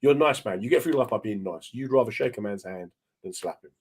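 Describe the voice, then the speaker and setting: A man's voice: lowish voice, expressive, fast, a little mellow, husky. A British man hosting a radio talk show, telling stories in a casual, chatty way and acting out the quotes. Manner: storytelling, chatty, acts out quotes. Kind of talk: casual chat.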